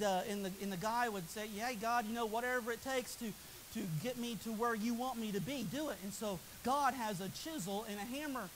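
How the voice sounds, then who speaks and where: A man preaching a revival sermon, his voice often taken for a woman's, swinging from soaring high shouts to hushed low asides. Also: slight background noise, low-quality recording.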